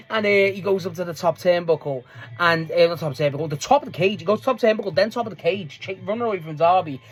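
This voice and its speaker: Here a wrestling show reviewer talks through a match in a casual, meandering way, cursing without restraint, laughing often and starting sentences over. Their mid-range voice has a fairly bright tone.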